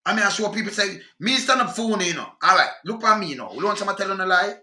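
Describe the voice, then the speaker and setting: A man's voice: sits high, expressive, racing, bright, forceful tone, echoey room. A Jamaican man in a heated, profane political rant, talking in patois and repeating himself. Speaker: commentator.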